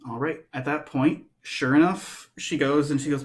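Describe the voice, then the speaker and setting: A man's voice: fairly high pitch, steady tone, normal speed. A man narrating as game master in a tabletop game, rambling loosely with lots of fillers.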